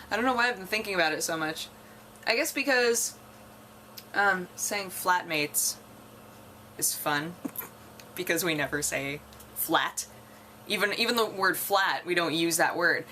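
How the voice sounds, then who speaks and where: A woman's voice: lowish voice, a little slow, pauses often, noisy background. A young woman from North America chatting casually to camera, rambling and musing, often laughing and trailing off. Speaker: vlogger.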